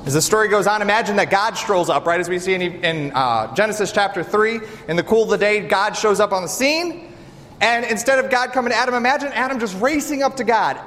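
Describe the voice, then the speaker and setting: High-voiced preacher in an echoing hall. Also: male voice, a little fast. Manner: animated, rhetorical questions to the congregation. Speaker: pastor. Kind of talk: sermon. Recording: reverberant hall with faint ambience.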